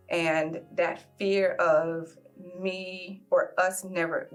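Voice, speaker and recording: Reflective woman, low voice. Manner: reflective, fills pauses with "um". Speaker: guest sharing a love story. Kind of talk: emotional personal storytelling.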